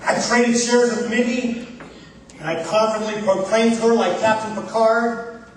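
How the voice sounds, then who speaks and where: A man giving a humorous contest speech on stage, telling a comic story with timed pauses before the punchlines. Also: high voice, steady tone, slight background noise. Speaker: contest speaker. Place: large hall, live stage. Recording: echoey hall from far off.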